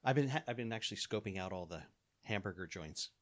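Man, low voice, playful teasing co-host in casual chat. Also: animated, fast talker, fairly bright tone.

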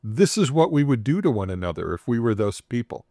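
A man's voice: medium pitch, fairly quick, no echo, studio quality. A man casually retelling a story on a podcast, playfully acting out the quoted voices with chuckles. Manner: animated retelling, acts out quoted dialogue with chuckles.

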